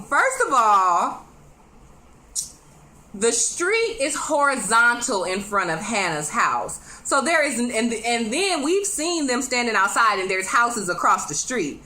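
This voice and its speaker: Bright, animated woman recapping a TV episode. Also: on the high side. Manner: animated, chatty, laughing often; addresses viewers directly with quick asides. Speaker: TV show reviewer.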